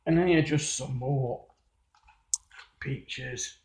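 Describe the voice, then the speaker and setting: A man's voice: medium pitch, fairly even intonation, extremely slow, darkish tone. An older man with a Brummie accent, casually narrating over old pictures he sent in as a video. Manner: chatty, reminiscing. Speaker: viewer sending in a video.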